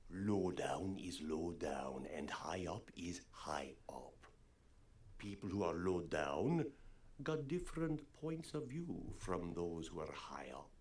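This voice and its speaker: An actor playing a gloomy, cryptic colonel who runs a remote outpost in a video game, speaking slowly and sometimes dropping to a whisper. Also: male voice, deep voice, big pitch swings, darkish tone, exaggerated voice. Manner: slow, brooding, cryptic, drops to a whisper. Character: gloomy cryptic small-town male colonel.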